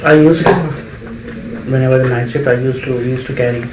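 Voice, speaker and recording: A man's voice: medium pitch, steady tone, brisk, noisy background. A man explaining his view at length in a casual group discussion, with hesitant fillers. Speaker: discussion participant. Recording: echoey room, faint ambience.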